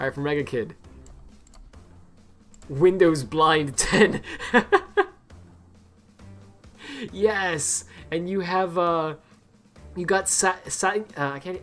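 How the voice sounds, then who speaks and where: A man's voice: fairly high pitch, fairly bright tone. A young man chatting casually on a game stream to his viewers, rambling with many laughs. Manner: rambling, lots of fillers and restarts, quick laughs. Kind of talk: casual live-stream chat.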